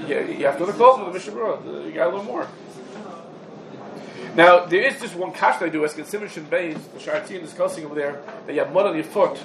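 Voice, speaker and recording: A man's voice: on the high side, fast talker, vocal fry, crowd noise. A man giving a halacha class in English, packed with Hebrew and Yiddish terms, in an echoey room. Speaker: Talmud teacher. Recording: echoey room, background noise.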